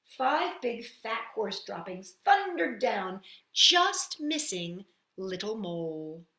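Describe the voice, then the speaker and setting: Lively woman reading a storybook aloud. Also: mid-range voice, slow. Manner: expressive storybook reading with sound effects. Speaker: children's storyteller. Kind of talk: reading a picture book aloud. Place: at home. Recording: echoey room.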